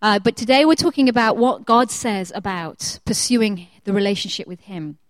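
A woman preacher in her thirties telling a chatty personal story with animated quoted voices before turning to her sermon. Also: mid-range voice, normal speed, dry recording.

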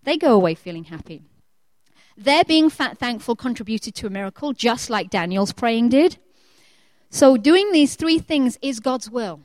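Woman giving a sermon, kinda high voice, super dry close sound, chatty and animated. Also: dry recording. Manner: lively, acts out quoted prayers in changing voices. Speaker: preacher.

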